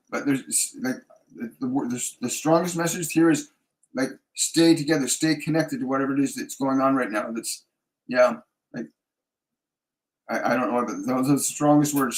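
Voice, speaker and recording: A man's voice: on the high side, rough recording. A man working as a spiritual medium, answering viewer questions in a live Q&A. He searches for his words, with many restarts and fillers. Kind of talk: live Q&A readings.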